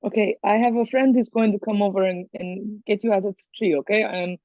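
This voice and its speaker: A woman playing a tabletop game, speaking gently and searchingly with frequent restarts. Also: medium pitch, fairly even intonation, fast, dull audio. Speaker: player. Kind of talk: casual tabletop play.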